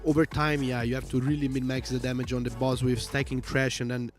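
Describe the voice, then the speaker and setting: A man's voice: medium pitch, level tone, a little fast, soft background music. A man with a strong Italian accent, giving casual livestream commentary and explaining things at length with lots of fillers. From Italy. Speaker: esports co-commentator.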